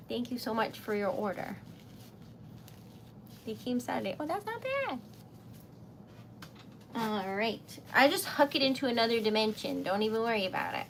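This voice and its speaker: On her crafting livestream, a young woman making wax seal stickers giggles, chats casually, and runs herself down a bit while excitedly gushing over what she's made. Her voice sits on the high side, and the background is noisy.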